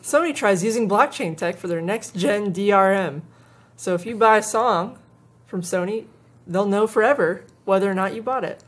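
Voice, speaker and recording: A woman's voice: medium pitch, normal speed, breathy edge. A woman co-hosting a tech news show in casual chat, joking and playful.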